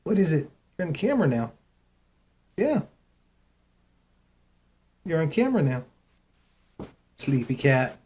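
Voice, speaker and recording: A man in his young adult years, with a voice a touch higher than most men's, chats casually as a live internet radio host. Between song announcements he drops into soft, cooing baby talk aimed at his cat. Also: sing-song, slow pace, pauses often.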